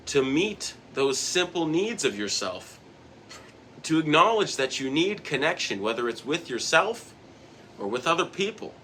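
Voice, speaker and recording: A man's voice: fairly high pitch, pushed and bright, slight background noise. A man hosting a motivational self-help talk, speaking earnestly and repeating words for emphasis. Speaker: host.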